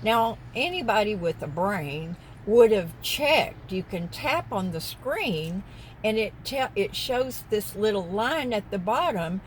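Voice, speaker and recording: A woman's voice: medium pitch, expressive, slow pace, a little hiss or hum, poor audio. A woman vlogger rambling casually from her parked car and getting sidetracked mid-story. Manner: chatty, wandering, easily sidetracked. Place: parked car in a parking lot.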